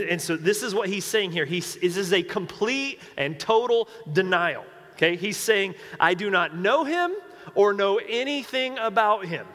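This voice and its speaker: A man preaching a sermon to a congregation, animated and emphatic, with joking asides. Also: sits high. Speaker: pastor. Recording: long hall reverb.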